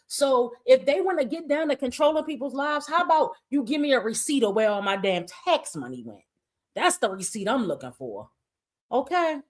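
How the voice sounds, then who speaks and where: A woman's voice: sits high, very animated, normal speed. Blunt, profane woman ranting. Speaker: livestream host. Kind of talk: livestream commentary reading chat.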